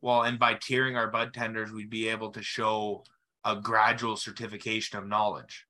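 A man's voice: fairly low pitch, little pitch movement, normal speed, bright, forceful tone. A man hosting a casual podcast who wraps up the talk in an easygoing way and hands the turn to each guest. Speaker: podcast host.

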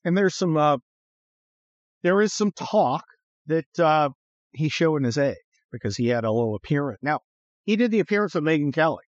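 A man's voice: fairly high pitch, lively intonation, moderate pace, no echo, lo-fi sound. A man hosting a podcast, chatting bluntly and sarcastically about politics and swearing now and then. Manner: sarcastic, blunt, swears, slips into mocking voices. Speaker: podcast host. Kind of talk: casual political chat.

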